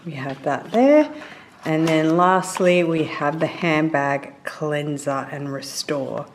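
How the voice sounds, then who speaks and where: A woman hosting her own fashion vlog, chatty and enthusiastic as she reviews a product. Her voice sits a little low, and she talks at an unhurried pace with playful slang. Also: slight background noise. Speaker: fashion vlogger. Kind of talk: casual sponsored product review.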